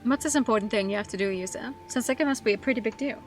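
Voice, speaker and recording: A woman's voice: a little high, very fast, soft background music, natural voice. A woman reading as a blunt skeptical young man. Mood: doubtful.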